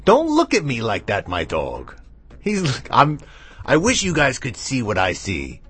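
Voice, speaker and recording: A man's voice: mid-range voice, wildly swooping pitch, measured pace, a bit bright, slightly rough, faint music behind. A man hosting a radio show, chatting casually and playfully between songs, rambling and talking to his dog in the studio. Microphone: studio mic with echo effect.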